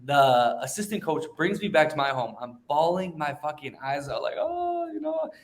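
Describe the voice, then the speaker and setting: A young adult man hosting a podcast, telling stories in a blunt, profane, animated way during casual chat. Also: fairly high pitch, moderate pace. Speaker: podcast host.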